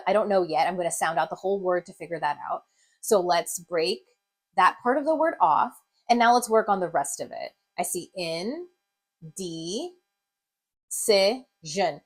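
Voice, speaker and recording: A woman gives a reading lesson at a mid pitch. She walks through long words step by step and sounds out each syllable slowly and deliberately. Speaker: reading teacher. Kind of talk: instructional video lesson.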